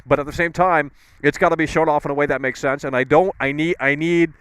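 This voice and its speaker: A man hosting a live call-in show outdoors in the cold, talking loudly and arguing with callers. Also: a little high, fairly even intonation, fast talker, clear, resonant tone, no room sound. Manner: loud, ranting, combative. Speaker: live stream host taking calls.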